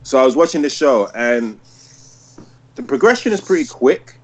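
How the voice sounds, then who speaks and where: A man's voice: medium pitch, sing-song, moderate pace, darkish tone. A man in his thirties hosting a casual podcast, talking with enthusiasm and rambling through many restarts and likes. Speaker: podcast host. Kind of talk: casual podcast review chat.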